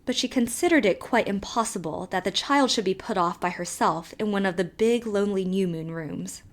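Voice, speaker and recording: A woman narrating a classic novel in a measured, expressive reading. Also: mid-range voice. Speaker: audiobook narrator. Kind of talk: scripted narration.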